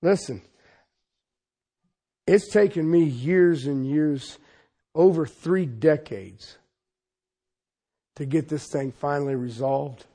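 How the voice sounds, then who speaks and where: A high-pitched man with a gravelly edge preaches at an unhurried pace. He talks to his listeners in a folksy, joking way, calling out loud at times and dropping to quiet asides at others. He sounds like a plain-spoken pastor. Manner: swings between loud exclamations and quiet intimate asides; folksy and humorous, addresses listeners directly. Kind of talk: sermon.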